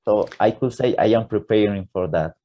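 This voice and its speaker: An Ecuadorian man speaks English with a Spanish accent in a casual podcast interview. His voice sits fairly low and sounds mellow and warm. He talks eagerly, laughs often and builds sentences with simple learner grammar. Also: a little fast.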